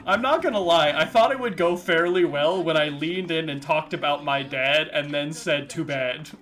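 A man's voice: a little high, normal speed, fairly bright tone. A man hosting a party-game stream, chatting casually and joking at his own expense while he laughs often.

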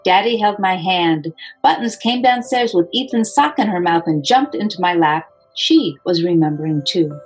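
A woman, the author, reading her children's picture book aloud in a gentle, expressive storytelling voice. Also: on the low side, normal speed, breathy edge, faint music behind, low-quality recording.

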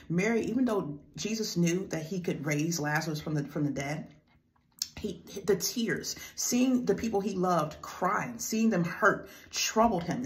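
Woman giving a devotional teaching, low voice. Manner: reads scripture aloud then explains plainly, with restarts. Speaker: preacher. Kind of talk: devotional teaching with scripture reading.

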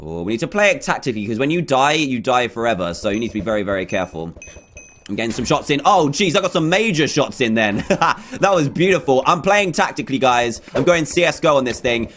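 A man hosting a gaming video, giving excitable let's-play commentary with lots of repeated phrases and panicked exclamations. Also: medium pitch, fairly quick, a little hiss or hum.

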